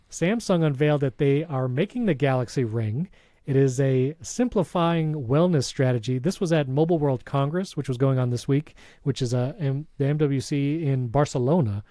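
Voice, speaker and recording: With a voice on the high side and a dark tone, recorded with no echo, a Hispanic-background man co-hosts a tech podcast. He keeps things casual and reads a sponsor spot with enthusiasm and quick asides.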